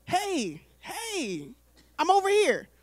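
A woman's voice: very high voice, wildly swooping pitch, slow, dry recording, heavily acted. A woman voicing God as a loving male deity, earnestly calling to be heard. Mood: pleading. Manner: repeated calls of hello, raised and earnest.

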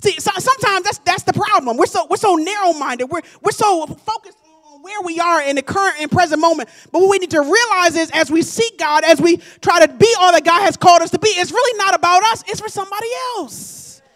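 Woman pastor, high-pitched, preaching a sermon and building to shouts. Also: brisk, few pauses. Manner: preaching with call-and-response, rising to shouts.

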